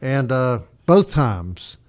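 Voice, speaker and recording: A man's voice: mid-range voice, big pitch swings, a little mellow, no echo. A middle-aged man with a Southern accent from Mississippi, co-hosting a casual radio talk show and telling folksy stories with long asides. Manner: folksy storytelling, drawn-out asides. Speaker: radio co-host. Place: radio studio. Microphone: studio mic.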